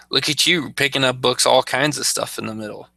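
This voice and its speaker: Very gravelly man with a bright voice. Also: medium pitch, no room sound, rough recording. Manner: easygoing, quick short reactions. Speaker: podcast co-host. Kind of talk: casual chat.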